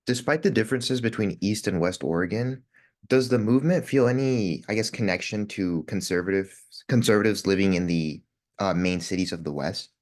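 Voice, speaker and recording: A man with a very low voice puts a question to a debate speaker over a video call. He hesitates and rephrases as he goes. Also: fairly quick, a little mellow. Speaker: audience questioner.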